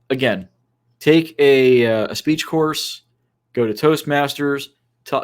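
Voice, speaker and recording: A man co-hosting a casual podcast discussion, giving instructive advice with frequent fillers. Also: medium pitch. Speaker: co-host.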